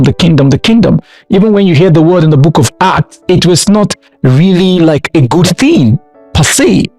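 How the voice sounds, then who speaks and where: A man's voice: on the high side, darkish tone, dry recording. A man from Nigeria preaching a sermon with emphatic repeated refrains. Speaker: pastor.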